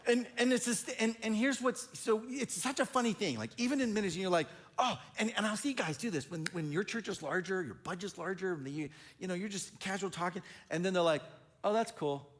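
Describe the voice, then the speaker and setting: A male pastor giving a conversational sermon, telling stories and acting out other people's voices in an animated way. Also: sits high, brisk, hardly any pauses. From Oregon.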